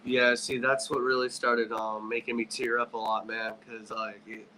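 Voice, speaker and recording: A man's voice: medium pitch, level tone, normal speed, sharp tone, poor audio. A man co-hosting a wrestling review podcast, talking in an emotional, rambling casual chat. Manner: emotional, rambling, restarts a lot. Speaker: wrestling show co-host.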